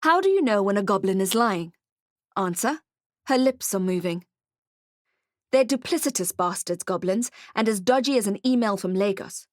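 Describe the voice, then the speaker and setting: A woman reads a first-person fantasy detective story, her tone wry and hardboiled. Her voice sits at a middle pitch, recorded close and dry with no room sound. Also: expressive, normal speed, no room sound. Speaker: audiobook narrator. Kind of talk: first-person audiobook narration.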